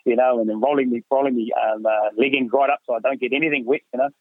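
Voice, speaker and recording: A middle-aged hunting guide appears as a podcast guest, talking casually and rambling with lots of fillers and frequent "mate"s. His medium-pitched voice is steady and fast, heard over a tinny, dry phone line.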